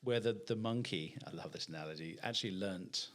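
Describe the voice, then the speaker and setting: Easygoing low-voiced man hosting a podcast. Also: brisk, a bit bright. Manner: easygoing, agreeing, joking. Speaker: podcast host. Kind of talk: casual interview chat.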